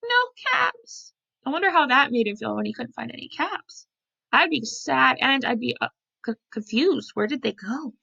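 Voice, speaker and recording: A woman preschool teacher reading a picture book aloud to young children, animated and often asking them questions, on a computer mic. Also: fairly high pitch, normal speed, gravelly, husky. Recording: lo-fi computer recording.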